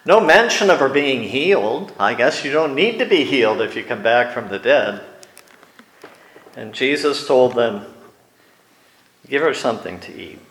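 Male preacher, sermon, slow measured delivery, roomy echo. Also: mid-range voice. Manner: slow, deliberate, animated when dramatizing.

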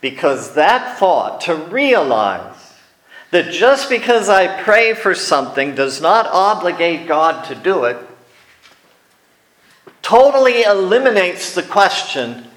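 A man with a fairly high voice preaches slowly and deliberately, telling wry stories and dropping into soft asides. His sermon rings around an echoey church hall. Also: sing-song. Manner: storytelling, wry, drops to quiet asides. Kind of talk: sermon with personal anecdotes. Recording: echoey room.

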